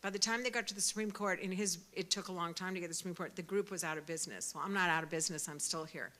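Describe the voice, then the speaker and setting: A woman in her sixties giving an impassioned speech at a pro-life event, fervent and emphatic, rising to loud peaks. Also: lowish voice, steady tone, very fast. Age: 60s.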